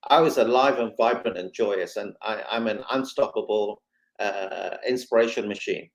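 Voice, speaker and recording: A man, a guest on a talk show, telling a personal story with lively, dramatic retelling and quoted dialogue. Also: fairly low pitch, normal speed, poor audio. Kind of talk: emotional storytelling.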